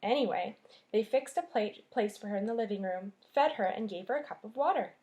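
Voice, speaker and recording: Reading a chapter book to her class, a teacher brings the story to life expressively and stops now and then to point out the pictures. She speaks at a medium pitch in a mellow voice.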